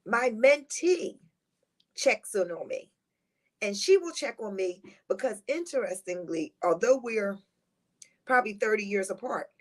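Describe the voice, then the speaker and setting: A woman's voice: expressive, measured pace. Upbeat middle-aged woman sharing stories. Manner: upbeat, high-energy, positive talker; rambling, heartfelt storytelling with restarts. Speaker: guest on a talk show. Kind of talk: casual conversational interview.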